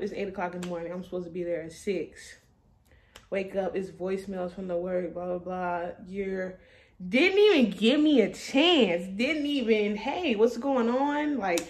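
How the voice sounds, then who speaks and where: A young woman in a casual storytime vlog, her voice sitting at an ordinary middle pitch. She talks loosely and laughs easily. Her speech is full of swearing. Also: a little hiss or hum. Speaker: vlogger.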